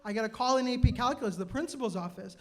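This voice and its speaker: A man in his thirties telling a personal story live on stage, animated and self-mocking, with quick asides and laughs. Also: very high-pitched. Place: cultural center stage before an audience.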